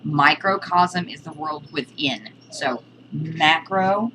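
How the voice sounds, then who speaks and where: Low-voiced woman teaching with many ums. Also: slow, noisy background. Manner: hesitant, many ums and restarts; chatty, breaks off to scold her cat. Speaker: witchcraft teacher. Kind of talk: casual spoken lesson.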